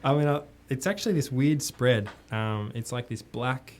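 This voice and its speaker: A young man with an Australian accent talks in loose, rambling phrases at an ordinary pitch. He laughs easily as he chats in a radio studio, with a light hiss in the background. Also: normal speed. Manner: relaxed, rambling, laughs often. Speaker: musician guest. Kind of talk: casual interview chat.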